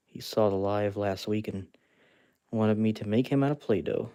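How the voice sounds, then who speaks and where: A man's voice: fairly low pitch, normal speed, warm tone. A man hosting a casual live stream, chatting and laughing as he works with his hands and talks to viewers. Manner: chatty, laughs often, narrates while working with his hands; talks to fans and reads out chat. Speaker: live-stream host sculpting with clay.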